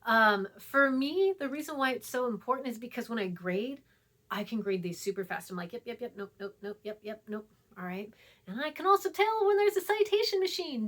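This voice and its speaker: A woman college writing instructor giving a recorded online lecture in a chatty, emphatic way, repeating herself and dropping into a hushed voice for asides. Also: high-pitched.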